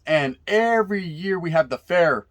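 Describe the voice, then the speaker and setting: A man's voice: high voice, animated, moderate pace, fairly bright tone. Laid-back man spinning street stories. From California. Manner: laid-back street slang with Spanish words mixed in, frequent profanity and "right?" tags. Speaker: storyteller recalling youth prison days. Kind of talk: casual storytelling.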